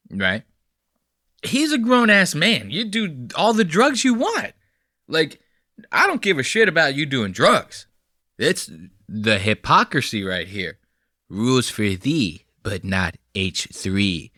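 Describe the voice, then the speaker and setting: A young man with a bright, forceful voice hosts a podcast and rants bluntly about clips he is watching. The sound is dry and close, with no room around him. He swears freely and keeps circling back to press his point. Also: mid-range voice, dry recording. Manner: blunt, profane, heated ranting. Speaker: podcast host. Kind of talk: casual commentary reacting to clips.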